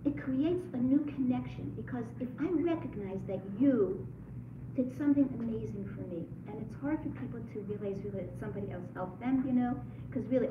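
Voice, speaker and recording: A woman's voice: mid-range voice, noisy background. A woman teaching a religious study group to a room, earnest, often asking the listeners questions. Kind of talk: religious class talk. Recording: echoey lo-fi room recording from far off.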